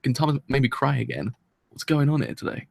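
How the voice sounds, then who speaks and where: A man's voice: mid-range voice, expressive, fast talker, vocal fry, no echo. A man hosting a live anime reaction, talking in a rambling, chatty and self-deprecating way and laughing often.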